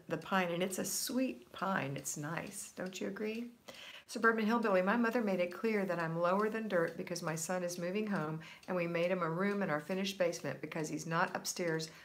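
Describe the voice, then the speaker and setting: A woman's voice: fairly low pitch, fairly bright tone. A woman in her sixties hosting a live stream, chatting casually and reading out viewers' comments. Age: 60s. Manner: chatty, friendly, reads viewer comments aloud. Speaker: livestream host.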